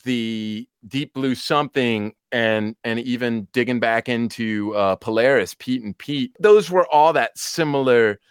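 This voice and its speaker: A man in his thirties, a podcast guest, telling stories in an animated, chatty way with quick asides. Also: mid-range voice, clean tone, no echo, clean studio sound. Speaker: podcast guest, polka band musician. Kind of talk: casual chat.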